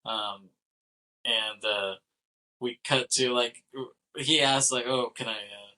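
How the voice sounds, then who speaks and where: A man's voice: mid-range voice, steady tone, pushed and bright, rough recording. Rambling laughing man on a podcast. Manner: rambling, laughing, recounting scenes with quick quoted lines. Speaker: podcast co-host. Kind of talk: casual film discussion.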